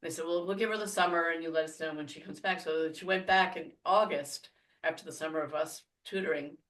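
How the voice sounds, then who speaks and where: A woman telling stories in a casual podcast conversation, animated and laughing often. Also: sits low, a little fast. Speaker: podcast guest. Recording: voice a bit distant from the mic.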